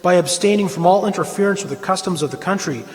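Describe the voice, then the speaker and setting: A man's voice: fast, long reverb tail. A man giving an impassioned, lecture-style talk at a church event, emphatic and pressing his points. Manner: emphatic, rises in pitch and volume when pressing a point. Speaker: speaker at a church Easter event. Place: church hall.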